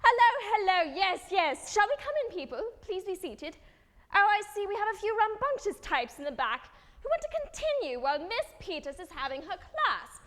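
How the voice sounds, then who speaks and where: A young woman playing a zany, theatrical female teacher who talks in a loud, exaggerated way. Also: extremely high pitch, sing-song, moderate pace, exaggerated voice. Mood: theatrical welcome. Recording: echoey hall.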